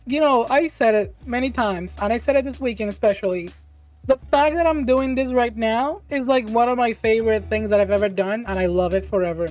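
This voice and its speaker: Woman host, higher voice, excitable and giggly, chatty stream banter over faint music. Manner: bubbly, laughs often, exclaims and restarts. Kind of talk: casual livestream chat reading viewer questions.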